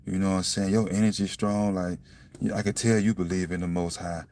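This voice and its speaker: A young man with a low, gravelly voice talks about faith in a loose, blunt way, swears freely and keeps checking in with "you see what I'm saying." He bursts into loud laughs now and then. The sound is dry and comes from a little way off the mic. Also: level tone, fairly quick, recorded from a distance. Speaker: self-styled preacher vlogger. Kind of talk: casual spiritual monologue.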